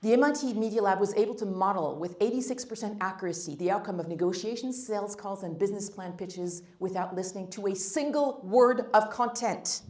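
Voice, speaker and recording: A woman's voice: mid-range voice, brisk, hardly any pauses, darkish tone. Woman, workshop speaker, blunt and emphatic, jokey asides, roomy echo. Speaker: guest speaker on first impressions. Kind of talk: workshop talk with audience Q&A. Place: meeting room.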